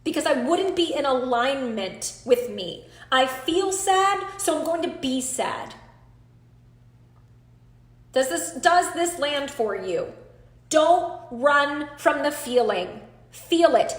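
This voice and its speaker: High-voiced woman coaching a group. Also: big pitch swings, takes it slowly, roomy sound. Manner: earnest, emphatic, talks straight to the group. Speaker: coach leading an online class. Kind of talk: live group coaching call.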